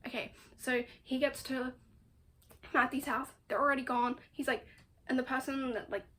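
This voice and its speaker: A woman with a high voice recapping a book in a casual, chatty way. She tells it dramatically and sounds exasperated, with "like" sprinkled through every sentence. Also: steady tone, normal speed, fairly bright tone, a little hiss or hum. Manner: chatty, full of "like". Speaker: book vlogger.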